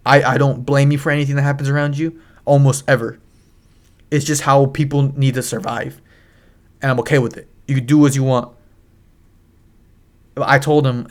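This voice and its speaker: A young man casually telling a story over gameplay, rambling and swearing a lot, often restarting his sentences. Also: mid-range voice. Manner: rambling, profane, frequent restarts. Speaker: gaming channel host.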